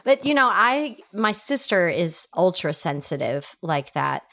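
Relaxed woman asking follow-ups. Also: lowish voice, a little slow. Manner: relaxed and conversational, asks follow-up questions. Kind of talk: casual podcast chat.

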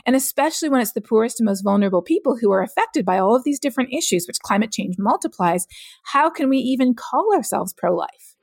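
A middle-aged woman, a climate scientist guest on a podcast, explaining her views in an earnest, measured way. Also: a little high, expressive, creaky, darkish tone, no room sound, studio quality. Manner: earnest, explanatory, laughs easily. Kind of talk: podcast interview.

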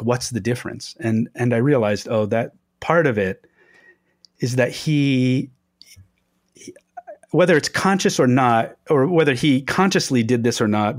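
A man, a guest on an interview podcast, telling lively anecdotes with many fillers and restarts. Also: medium pitch, no room sound, clean studio sound. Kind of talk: storytelling in interview.

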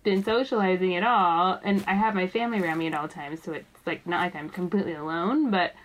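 A woman's voice: lowish voice, fairly quick, low-quality recording. Chatty, rambling woman podcast co-host. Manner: chatty and rambling, with many fillers and laughs. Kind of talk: casual chat.

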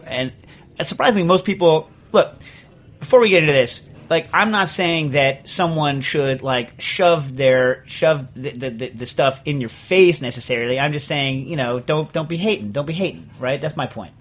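Animated rambling male podcast host. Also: on the high side, moderate pace. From Vermont. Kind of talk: casual studio chat.

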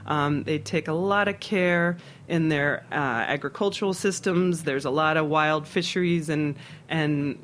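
A middle-aged chef from Philadelphia, guesting on an interview show, talking casually and haltingly with many fillers and restarts. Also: male voice, a little high, a bit bright, slight background noise. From Philadelphia, USA.

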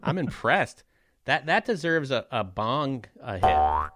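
A man's voice: medium pitch, very animated, slow, fairly bright tone, no echo, soft background music. A man hosting a podcast in casual chat, laid-back and rambling. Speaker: podcast host.

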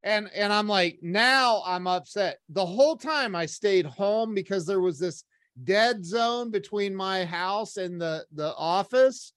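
A man telling a personal story in a casual, animated way, acting out the voices of the people in it. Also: high voice, slow pace, no echo, studio quality. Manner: animated, acts out quoted voices, many restarts.

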